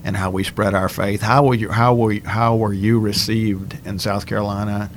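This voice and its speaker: A man's voice: lowish voice, level tone, normal speed, a little hiss or hum. A man with a Cajun accent from South Louisiana, interviewing a guest in a friendly, conversational way with frequent laughs and restarts.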